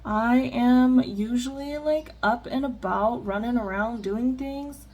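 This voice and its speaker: Slow, rambling woman chatting. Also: fairly high pitch, a little mellow, dull audio. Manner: candid, rambling, many fillers. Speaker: vlogger. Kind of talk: casual get-ready-with-me chat.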